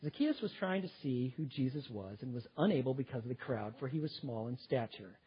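A man preaching a sermon, moving from loud, emphatic lines down to quiet, intense ones. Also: mid-range voice, lively intonation, fairly quick, slightly rough, lo-fi sound. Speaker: pastor.

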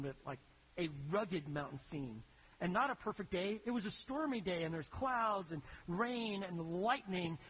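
A preacher telling stories in a sermon, in an animated, conversational way that builds to emphatic peaks. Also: mid-range voice, slightly rough, rough recording. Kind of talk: sermon storytelling.

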